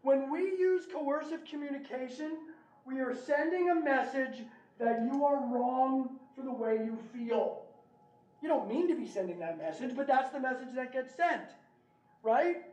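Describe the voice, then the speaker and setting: Middle-aged man, animated talk to parents, roomy distant recording. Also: very high-pitched, unhurried, highs cut off. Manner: animated, asks the audience "right?". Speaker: speaker at a parent meeting. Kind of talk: presentation with storytelling. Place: meeting room.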